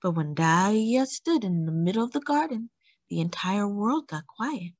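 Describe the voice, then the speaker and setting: Woman, storytime host, children's book read-aloud, expressive, lively pitch, dry. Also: moderate pace, no echo.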